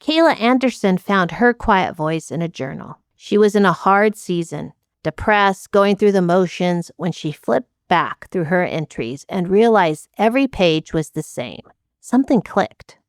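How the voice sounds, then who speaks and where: A woman's voice: fairly low pitch, lively intonation, no room sound, clean studio sound. Woman podcast host reading intros. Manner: measured, reflective. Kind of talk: scripted narration of guest intros.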